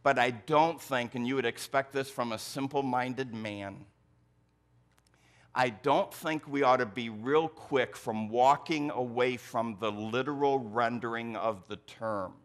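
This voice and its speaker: Pastor with a Michigan accent, man, preaches slowly and deliberately to his congregation. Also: mid-range voice. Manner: slow, deliberate preaching with emphatic phrasing. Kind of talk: sermon. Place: church sanctuary.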